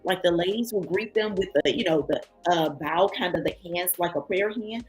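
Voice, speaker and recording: A woman's voice: on the low side, moderate pace, soft background music. A woman telling a travel story in a casual vlog, acting out other people's voices. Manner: animated, acts out other people's voices in quotes. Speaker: travel vlogger.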